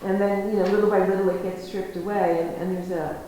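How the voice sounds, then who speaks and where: In a very echoey room with faint background hiss, a woman lectures through stories, fairly quick and medium in pitch. She is animated, laughs readily and acts out the conversations she describes.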